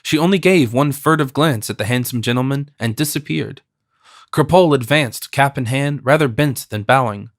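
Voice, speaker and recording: A man narrating a classic novel as an audiobook in a measured, steady reading. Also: medium pitch, dry recording, clean studio sound.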